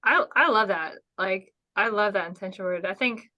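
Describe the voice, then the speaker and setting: A woman co-hosts a podcast and thinks aloud in a halting, reflective way. She pauses often and uses fillers. Her voice sits at a middle pitch. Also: sharp tone, dull audio. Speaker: podcast host. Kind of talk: casual podcast interview.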